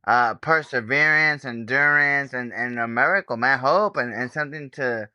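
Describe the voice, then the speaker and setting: A male podcast host with a very bright, smooth, resonant voice. He talks casually, peppering his speech with "man" and "bro" and affirming what his guest says. The sound is dry and close to the mic. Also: mid-range voice, moderate pace, dry recording, muffled recording. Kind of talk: casual interview.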